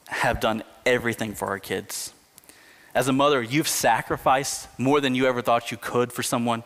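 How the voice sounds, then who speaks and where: A man preaching a sermon with earnest conviction, stretching out key phrases and lifting his voice to drive points home. His middle-pitched voice rings out with a long reverb, as if filling a large hall. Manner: earnest preaching, slows down and rises for emphasis. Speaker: pastor.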